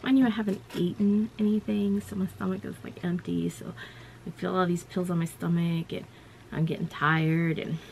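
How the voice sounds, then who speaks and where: Lady vlogger telling her story, kinda low and gravelly, lots of "you know" and "like". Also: little pitch movement, normal speed, a little mellow, slight background noise. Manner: rambling, full of "you know" and "like" fillers. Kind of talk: casual storytelling to camera.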